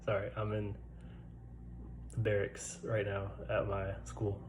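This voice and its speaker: A man's voice: on the low side, monotone, measured pace, heavy background noise. A man in his twenties who stutters, telling his own story in a laid-back, casual way with lots of fillers, recorded in a barracks room. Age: 20s. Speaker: vlogger.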